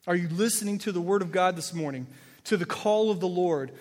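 Rich: A male pastor preaching a Sunday sermon, earnest and direct, now and then tripping over a word and starting it again. His voice sits a little high and carries a long reverb through the church hall. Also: fairly quick, darkish tone. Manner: earnest, direct, repeats words when searching for them. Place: church sanctuary.

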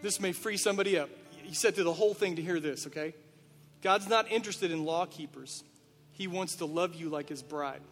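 A pastor with a high voice preaches earnestly, putting question after question to his listeners. His sermon rings through a reverberant church sanctuary. Soft music plays underneath. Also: a little fast. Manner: earnest, direct address with rhetorical questions. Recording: reverberant hall with faint music.

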